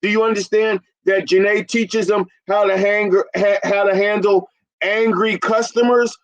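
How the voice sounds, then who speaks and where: A man in his fifties, a business consultant, talking emphatically to an audience he calls ladies and gentlemen. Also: sits high, level tone, a little slow, low-quality recording. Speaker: carpet cleaning business consultant. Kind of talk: promotional business talk.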